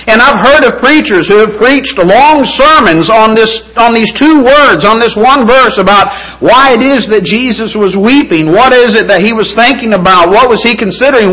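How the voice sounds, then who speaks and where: A man's voice: sits high, bright, forceful tone, rough recording. A man preaching a sermon, earnest and rising to fervent emphasis.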